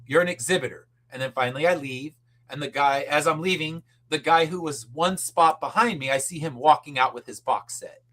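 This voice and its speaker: A man's voice: on the high side, a little fast, a bit bright. A middle-aged man, a podcast guest, telling a story in casual chat and acting out the people he quotes, with casual swearing.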